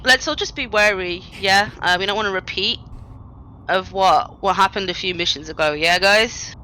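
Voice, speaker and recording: A woman in a casual tabletop session, playing the ship's captain. She gives orders chattily, with lots of fillers. Her voice is bright, over a faint hiss. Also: medium pitch, moderate pace, low-quality recording. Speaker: player as ship captain. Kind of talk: casual tabletop role-play.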